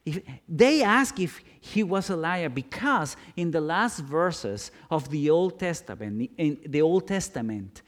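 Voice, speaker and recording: Slow, dramatic male preacher. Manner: dramatic, swings from loud questions to hushed low lines. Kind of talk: sermon.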